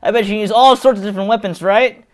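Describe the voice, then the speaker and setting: A man's voice: high-pitched, fast talker, soft background music, pitched above the performer's own voice, lightly acted. A man voicing an eager young village boy who keeps asking questions. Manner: excited, pushy questions.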